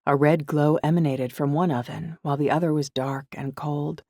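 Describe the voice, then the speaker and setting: A woman's voice: sits low, fairly even intonation, normal speed, a little mellow, dry recording. Woman reading a novel, dry close sound. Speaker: audiobook narrator. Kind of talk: scripted first-person narration.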